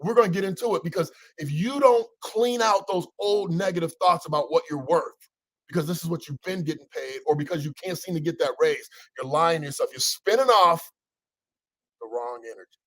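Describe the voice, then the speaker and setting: A man hosting a casual motivational talk as a coach, energetic and teasing, with preacher-like repetition. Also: a little high, a little fast, no room sound, rough recording. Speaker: coach and show host.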